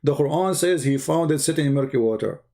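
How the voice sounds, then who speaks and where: Sarcastically commenting on video clips, this man mocks what he sees, repeats words for emphasis, and phrases things in a non-native way. His voice is a little high and mellow, animated and quick.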